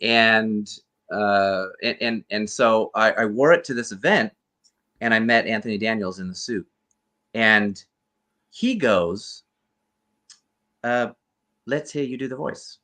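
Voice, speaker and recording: A man's voice: lowish voice, slow pace, long pauses, pushed and bright. A man, a guest actor and costume performer, earnestly telling a rambling story over a video call. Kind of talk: casual storytelling interview.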